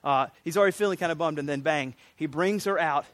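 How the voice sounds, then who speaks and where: A man's voice: fairly high pitch, quick pace, fairly bright tone, dry recording. A man preaching a sermon as pastor, conversational and plain-spoken.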